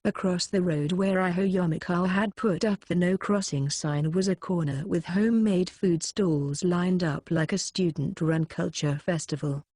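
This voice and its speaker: A woman reading a light novel audiobook aloud in a steady, even narration. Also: lowish voice, moderate pace, few pauses, no echo, clean studio sound. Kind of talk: scripted narration.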